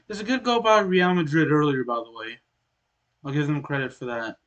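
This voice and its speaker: A man with a somewhat high voice talks through his soccer game in a relaxed, explanatory way. He keeps clearing his throat and coughing now and then between remarks. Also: brisk, dull audio. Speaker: gaming channel host. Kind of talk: casual game commentary.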